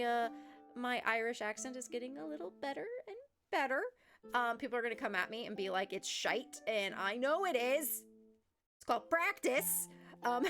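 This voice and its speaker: A young adult woman streamer chatting animatedly and laughing at herself as she wraps up her stream. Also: high voice. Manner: animated, self-deprecating. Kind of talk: casual stream outro. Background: faint music.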